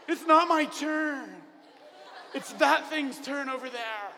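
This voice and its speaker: A man voicing a whiny child who loudly complains about doing chores. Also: extremely high pitch, takes it slowly, big-room sound, some chatter behind, a little hiss or hum, pitched above the performer's own voice, full character voice. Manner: whining, complaining, shouting.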